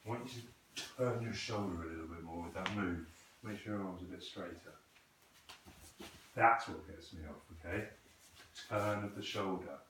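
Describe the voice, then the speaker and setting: Male self-defense coach, lowish voice, patient and corrective, recorded from across an echoing training hall. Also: normal speed, a bit bright, a little hiss or hum. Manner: patient, corrective, asks the student questions. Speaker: krav maga instructor. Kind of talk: coaching a student in a class. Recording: echoey room, voice from a distance.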